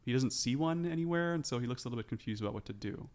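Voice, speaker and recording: A man narrating as game master of a tabletop game, relaxed and chatty with lots of fillers. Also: mid-range voice, racing.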